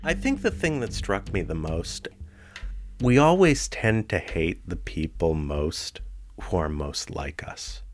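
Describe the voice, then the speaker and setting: A middle-aged man telling personal stories in an animated storytelling manner. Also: low voice, slow pace, faint music behind. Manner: animated storyteller, voices people in quotes. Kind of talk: personal storytelling and performed tales.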